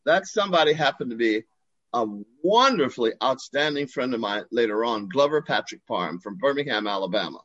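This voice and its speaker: An older man, a guest on a video call from his home porch, telling a personal story in an expressive, theatrical way. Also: medium pitch, fairly quick, dry recording, highs cut off. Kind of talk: storytelling in an interview.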